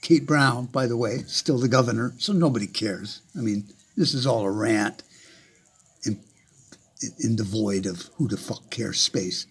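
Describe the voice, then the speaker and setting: A man's voice: mid-range voice, unhurried, slightly rough. A man ranting angrily to camera with heavy swearing, often repeating words and restarting sentences. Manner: profane and heated. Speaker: vlogger. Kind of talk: angry rant to camera.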